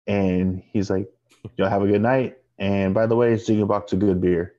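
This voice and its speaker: A man's voice: fairly low pitch, fairly even intonation, moderate pace, mellow. A man co-hosting a podcast, telling a story in casual chat and acting out both sides of the dialogue. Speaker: podcast co-host. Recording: dull lo-fi sound.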